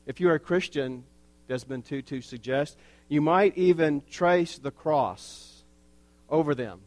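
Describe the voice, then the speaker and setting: A pastor delivering a sermon in a slow, earnest way, with wry asides. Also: male voice, a little high, expressive, a little mellow.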